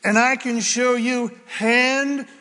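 Rambling man with a high voice. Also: steady tone, slow, bright, forceful tone, in a large hall. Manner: rambling, jokey asides, self-interrupting. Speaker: Christian radio or podcast host. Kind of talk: casual opinionated monologue.

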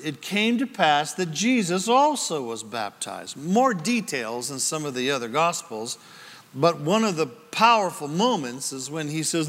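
A man preaching an expository Bible teaching sermon, swinging from booming scripture reading to quiet asides. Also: very animated, measured pace, long reverb tail. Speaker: pastor.

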